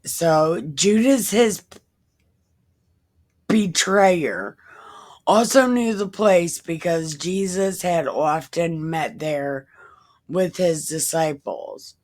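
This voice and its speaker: A woman's voice: lowish voice, extremely slow, darkish tone. A woman reading Bible passages aloud and breaking off for irreverent, profane, wisecracking asides in a casual tone. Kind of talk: casual scripture reading with commentary.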